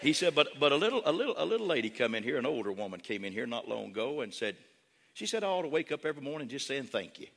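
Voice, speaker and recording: A man preaching a sermon as a pastor, switching between loud shouted praise and soft folksy storytelling. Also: mid-range voice, very animated, fast, vocal fry. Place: large church hall with congregation. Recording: long hall reverb with faint crowd.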